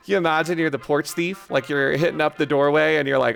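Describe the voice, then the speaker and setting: A man with a fairly high but gravelly voice chats on a live stream, joking crudely and rambling as he answers his chat. Faint music runs in the background. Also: fairly even intonation, fast, few pauses, a bit bright.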